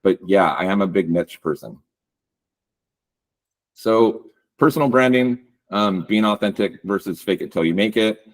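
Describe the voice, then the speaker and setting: Man, very low voice, casual webinar presenter, relaxed, filler-heavy. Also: measured pace, long pauses. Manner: casual, relaxed, frequent ums and likes. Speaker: guest speaker on real estate branding.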